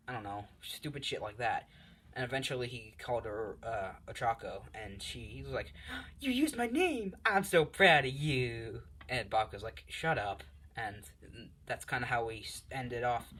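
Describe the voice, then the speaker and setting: A man's voice: mid-range voice, fairly bright tone, husky. Rambling young man telling a story. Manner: rambling, lots of fillers and swearing. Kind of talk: casual improvised fan story.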